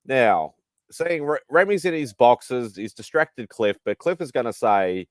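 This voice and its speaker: A man's voice: mid-range voice, animated, unhurried, dry recording, clean studio sound. A man with an Australian accent hosting a casual hangout show, laid-back and greeting viewers by name. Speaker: host.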